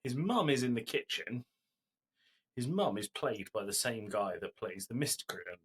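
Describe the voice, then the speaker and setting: Husky man rambling through a recap. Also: medium pitch, big pitch swings, normal speed. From Britain. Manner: rambling storytelling recap with fillers. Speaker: podcast co-host. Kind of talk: casual chat.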